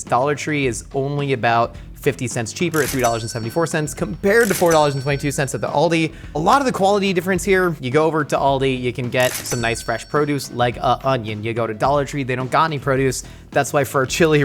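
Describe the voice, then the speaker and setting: A man hosting a casual, jokey cooking show, excitable and playful, with sudden jumps up in pitch. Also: fast talker, few pauses, soft background music.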